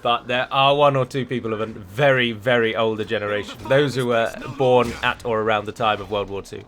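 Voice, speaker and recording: A man's voice: medium pitch, fairly even intonation, fairly quick, fairly bright tone. A man with an English accent giving casual let's-play commentary on a strategy game, chatty and prone to rambling asides. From England. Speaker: gaming YouTuber.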